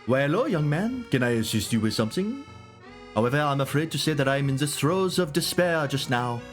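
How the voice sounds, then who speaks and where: A man's voice: on the high side, very animated, brisk, soft background music, voice pushed up. Male streamer doing a wordy, mournful Frenchman with a theatrical put-on accent. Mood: despairing. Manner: florid, theatrical. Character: melancholy French nobleman, dramatic and wordy.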